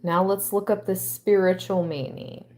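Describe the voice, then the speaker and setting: Slow, musing woman reading tarot. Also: medium pitch, steady tone. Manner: musing, reads aloud slowly, reacts with soft exclamations. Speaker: tarot reader.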